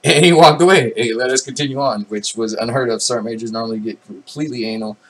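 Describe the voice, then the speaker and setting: A man in his thirties, an army veteran, tells stories fast in a laid-back, rambling monologue packed with fillers and restarts, swearing now and then. His voice is mid-range and the recording is low quality.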